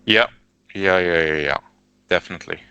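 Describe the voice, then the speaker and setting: Deep, bright, crisp-voiced male student. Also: moderate pace, no echo, lo-fi sound. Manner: brief, agreeable replies and tentative guesses. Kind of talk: online language lesson. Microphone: video call.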